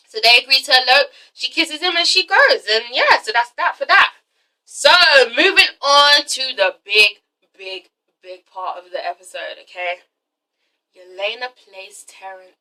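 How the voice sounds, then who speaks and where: A woman's voice: on the high side, sharp tone, rough recording. A woman recapping a TV episode in a chatty, sassy, profane vlog. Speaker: TV show reviewer.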